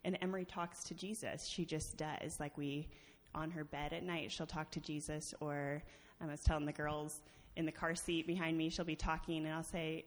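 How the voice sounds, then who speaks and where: A woman's voice: lowish voice, fairly even intonation, normal speed, few pauses. A woman sharing a personal testimony with a church congregation in a chatty storytelling way, laughing often and using many fillers. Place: church sanctuary. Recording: long reverb of a large hall.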